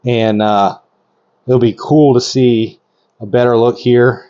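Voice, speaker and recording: A middle-aged man hosting a vlog, giving hands-on commentary in an excitable, rambling way that keeps interrupting itself. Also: medium pitch, slow pace. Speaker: reptile breeder host. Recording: slightly dull lo-fi audio.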